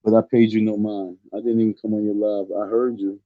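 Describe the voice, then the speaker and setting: A man with a lowish voice rants casually on a livestream, repeating himself emphatically and drawing out every word of insistence. The audio is dull and lo-fi, like a cheap stream mic. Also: flat delivery. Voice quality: repetitive, emphatic. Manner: dismissive, drawn-out insistence. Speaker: live streamer.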